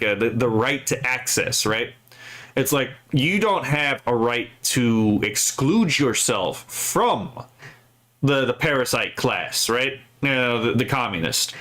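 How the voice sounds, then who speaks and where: A man's voice: medium pitch, a bit bright. A man hosting casual political commentary, rambling and profane, checking in with "right?" after his points. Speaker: streamer host.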